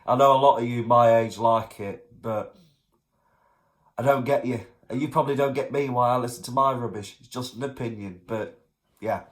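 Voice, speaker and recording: A young man reviews songs in his vlog, ranting in a blunt, exasperated way and climbing into shouts when he gets worked up. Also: mid-range voice, normal speed. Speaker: vlogger.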